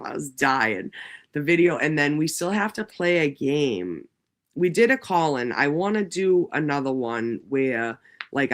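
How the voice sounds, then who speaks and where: A man's voice: mid-range voice, a bit bright. Profane rambling livestream host man. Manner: rambling and heavily profane, many fillers. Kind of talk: casual livestream monologue.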